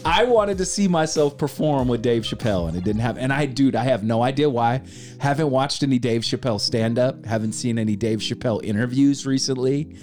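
Over faint background music, a man with a medium-pitched voice tells a story briskly in casual podcast chat. He is animated, acting out the voices of the people he quotes and swearing casually.

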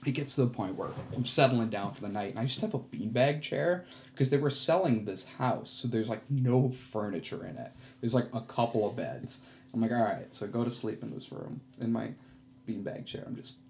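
A relaxed male podcast co-host spins a long personal story. His voice sits at an ordinary middle pitch. He delivers it wryly and self-deprecatingly, slipping into little voices for what people said. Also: normal speed, creaky, slight background noise. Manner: wry, self-deprecating storyteller who acts out his own quotes. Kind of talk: casual storytelling chat.

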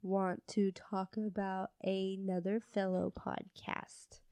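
A young woman chats on a podcast, laughing often and swearing freely. Her voice is smooth and clear, recorded close and dry. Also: medium pitch, level tone, slow pace, warm tone, no echo. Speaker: podcast co-host. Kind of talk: casual chat.

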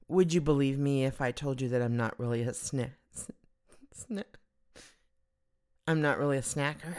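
Low-voiced rambling woman podcaster. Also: normal speed, pauses often, darkish tone, clean tone. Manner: giggly, rambling, self-deprecating. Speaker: podcast host. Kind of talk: casual solo podcast chat.

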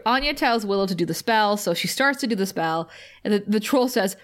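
A woman's voice: medium pitch, fairly quick. Laughing woman recapping a show. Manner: animated, laughs often, acts out quoted lines. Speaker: podcast co-host recapping a TV episode. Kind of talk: casual recap chat.

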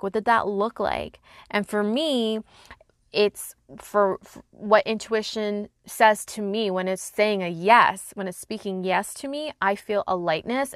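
A woman hosting a solo podcast as an intuition coach, speaking in a calm, earnest and encouraging way. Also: medium pitch, clean tone, no echo, studio quality.

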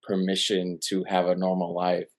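Casual co-host, male, low voice, gushes and restarts a lot. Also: normal speed. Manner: excitable, gushing, trails off and restarts. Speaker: podcast co-host. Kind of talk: casual chat.

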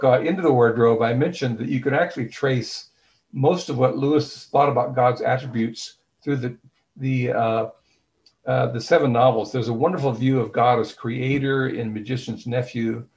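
A man's voice: mid-range voice, darkish tone, low-quality recording. A man being interviewed as an author, speaking thoughtfully with frequent fillers and restarts, and retelling scenes in quoted dialogue. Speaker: author and guest.

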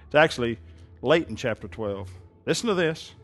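A male preacher giving an animated sermon, sarcastic and full of pointed rhetorical questions. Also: medium pitch, normal speed, faint music behind.

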